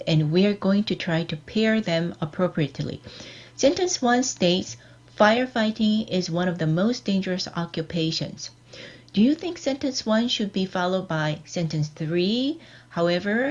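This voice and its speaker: A woman giving a scripted online lecture, reading out example sentences in a measured, deliberate way. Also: medium pitch, darkish tone. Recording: dull lo-fi recording.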